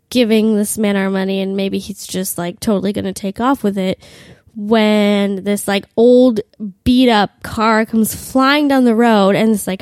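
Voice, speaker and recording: A woman's voice: on the high side, darkish tone, no echo. A young woman in her twenties with a cold, crudely and self-mockingly telling a comic travel story with lots of "like.". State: has a cold. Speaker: podcast host.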